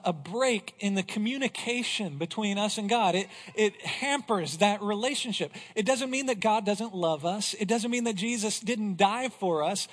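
High-voiced preacher in a reverberant church. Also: male voice, a bit bright. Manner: earnest preaching, reads scripture aloud with rising emphasis. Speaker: pastor. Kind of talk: sermon. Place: church sanctuary. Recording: long hall reverb.

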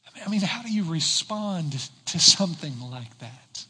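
A man, a pastor, preaching a sermon with rhetorical questions and slowed-down emphasis on key words. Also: fairly high pitch, lively intonation, pushed and bright, husky. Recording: reverberant hall.

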